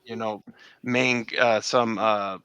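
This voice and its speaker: A man's voice: lowish voice, fairly even intonation, takes it slowly, a bit bright, clean tone, no room sound, muffled recording. A middle-aged man recalling old times in a casual interview, rambling with many fillers and restarts. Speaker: interview guest.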